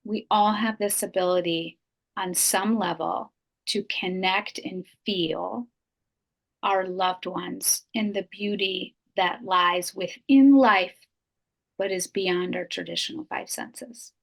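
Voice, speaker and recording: A woman's voice: mid-range voice, steady tone, slow, gravelly. A middle-aged woman, a podcast guest, telling an emotional personal story in an earnest, heartfelt way and repeating phrases for emphasis.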